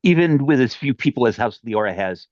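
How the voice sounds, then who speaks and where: A man speaking in character as a tabletop player, formal and measured. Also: medium pitch, lively intonation, a little mellow, dry recording. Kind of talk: in-character speech in a tabletop game. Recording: dull, dry lo-fi mic.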